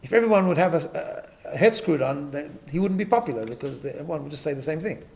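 A man's voice: fairly high pitch, expressive, fast, vocal fry, a little mellow, a little hiss or hum. A man teaching a Torah class, emphatic, often repeating words and checking in with "right?". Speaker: rabbi.

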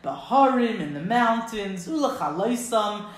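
A woman's voice: medium pitch, animated, a little slow. Lady teaching a bible lesson, earnest, reads hebrew then explains, kinda roomy echo. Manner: earnest, explains verses with Hebrew quotes and translations. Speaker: Torah teacher. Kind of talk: text study lesson. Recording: echoey room.

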